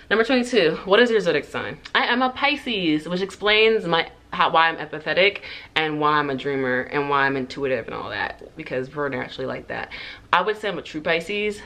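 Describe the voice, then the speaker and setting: Low-voiced woman, chatty and rambling. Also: animated, fairly quick, pushed and bright. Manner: rambling, full of "like" and "um", goes off on tangents; laughs often between sentences. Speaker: hair vlogger. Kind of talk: casual get-to-know-me chat.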